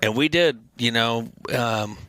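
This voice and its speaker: A man guesting on a podcast, telling animated, profane band stories in casual chat. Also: medium pitch, takes it slowly, dry recording. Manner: animated, profane, acts out quotes in loud voices. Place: podcast studio.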